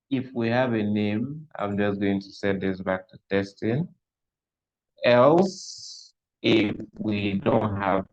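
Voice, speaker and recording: A man teaching a live coding class online, thinking aloud as he works and often repeating himself. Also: on the low side. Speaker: coding instructor. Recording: dull lo-fi audio.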